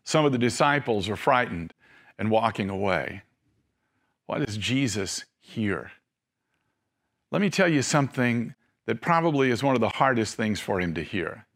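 A middle-aged male preacher delivering a sermon, telling stories and slowing down and softening at emotional moments. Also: mid-range voice, very animated. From Tennessee.

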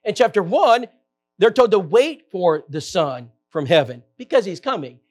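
A man preaching a Bible-teaching sermon, reading scripture aloud in slow, stressed phrases and rising in pitch and volume for emphasis. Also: big pitch swings, darkish tone.

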